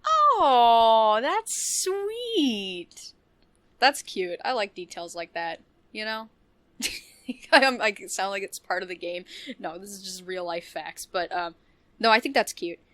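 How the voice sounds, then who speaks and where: A woman's voice: medium pitch, big pitch swings, a little slow, fairly bright tone, no echo. A woman co-hosting a casual podcast, chatting in a rambling, gushing way with frequent restarts and giggles. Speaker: podcast co-host. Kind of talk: casual podcast chat about video games.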